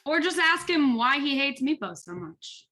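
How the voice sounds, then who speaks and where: A woman's voice: high voice, sing-song, normal speed, pushed and bright, a little hiss or hum. A woman playing a tabletop game, blunt and joking in casual chat. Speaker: player.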